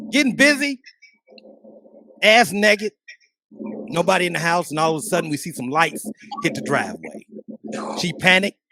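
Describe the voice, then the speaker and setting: A man co-hosting a podcast, telling a story in a casual, profane, animated way. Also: a little high, dry recording. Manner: animated, profane, acts out quotes. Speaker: podcast co-host.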